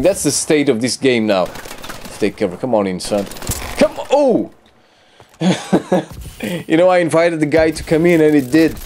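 A young man commentating his own gameplay, trash-talking opponents, swearing and bursting into excited yelps. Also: medium pitch, slight background noise.

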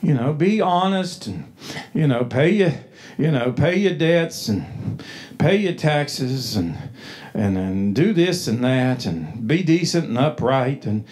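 An American man delivers a sermon to his congregation in a church. His voice sits high and he speaks slowly and deliberately. He often restarts phrases in a folksy way, then swells into loud, emphatic stretches. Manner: folksy preaching, frequent restarts, rises to loud emphatic passages. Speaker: pastor. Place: church sanctuary.

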